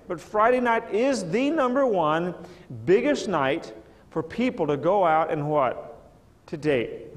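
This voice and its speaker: High-voiced stammering evangelist preaching. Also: male voice. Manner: animated, stammering repetitions. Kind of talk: storytelling sermon to a live audience. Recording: reverberant hall, live audience.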